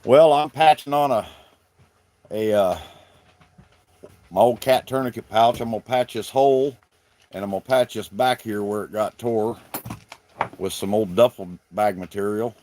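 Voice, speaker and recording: A man's voice: lowish voice, normal speed, long pauses, a little mellow. A middle-aged man from South Carolina with a Southern accent, chatting casually with viewers on his livestream in a folksy, rambling way. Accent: Southern American. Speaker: livestream host.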